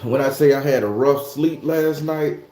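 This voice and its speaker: Talking at a normal speed in a slightly high voice with a dark tone, a man hosts a morning prayer stream. His casual chat is rambling and profane and aimed straight at viewers, recorded in an echoey room with faint music.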